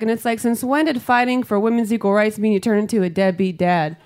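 A woman's voice: a little high, fast, hardly any pauses. Brash woman comic on a noisy live stage. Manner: brash, profane, punchy delivery. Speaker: stand-up comedian. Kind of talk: stand-up comedy set. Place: comedy stage before a live audience. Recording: live room with loud crowd noise.

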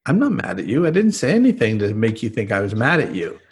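A man's voice: lowish voice, wildly swooping pitch, quick pace. A man talking as an interview guest, explaining earnestly and acting out the lines he quotes. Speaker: guest, trauma expert. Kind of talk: podcast interview.

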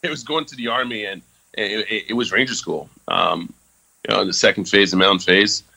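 A man's voice: lowish voice, brisk, vocal fry, pushed and bright, slightly rough, rough recording. A man from France in his thirties, a guest casually telling a candid story with many fillers and casual swearing.

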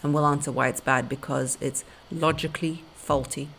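A woman's voice: low-pitched, steady tone, normal speed, fairly bright tone, a little hiss or hum. A woman hosting a podcast, giving blunt, emphatic relationship advice straight to her listeners. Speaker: podcast host and dating coach.

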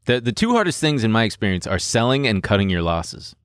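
A man's voice: fairly low pitch, big pitch swings, a little fast, a bit bright, smooth, no room sound, clean studio sound. A young man hosting a casual podcast, joking around and rambling as he explains his trades. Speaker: podcast host. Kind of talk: casual crypto chat. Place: studio.

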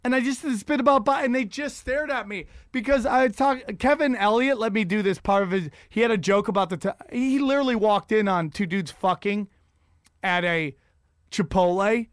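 A man's voice: sits high, moderate pace, no echo, studio quality. A man hosting a casual chat, telling rambling, profane, self-mocking stories.

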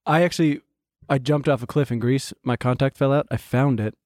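A man's voice: mid-range voice, brisk, a little mellow, dry recording, studio quality. A man co-hosting a podcast in casual chat, laid-back and wry. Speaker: podcast co-host.

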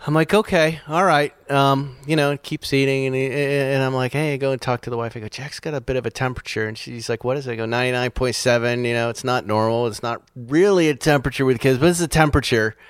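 A man co-hosting a podcast, telling a story in an animated, self-mocking way and laughing as he goes. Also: mid-range voice, fast talker, few pauses, clear, resonant tone, dry recording, clean studio sound. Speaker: podcast co-host. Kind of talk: casual chat, storytelling.

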